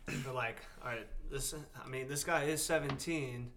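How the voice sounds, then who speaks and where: A man's voice: medium pitch, moderate pace. A young man in casual podcast chat, slangy and loose, with faint noise behind him. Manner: slangy, says dude and bro a lot. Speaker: podcast co-host. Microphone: studio mic at a table.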